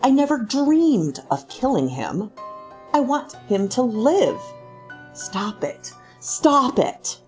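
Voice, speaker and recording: A woman's voice: on the high side, sing-song, takes it slowly, mellow, soft background music, pitched above the performer's own voice. A woman voicing an anxious housewife who scolds herself in a tense, self-scolding way. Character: anxious housewife, middle-aged, inwardly frantic.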